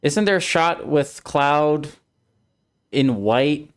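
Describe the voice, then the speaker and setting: A man hosting a casual game discussion, explaining the story in an animated way and acting out the characters. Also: fairly high pitch, drawn-out words. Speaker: streamer and host.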